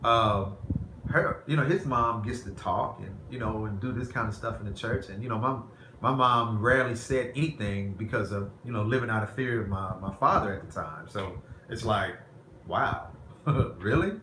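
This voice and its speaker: A man's voice: fairly low pitch, moderate pace. A man vlogging, telling a personal story in a candid, rambling, conversational way. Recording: roomy echo, faint background noise.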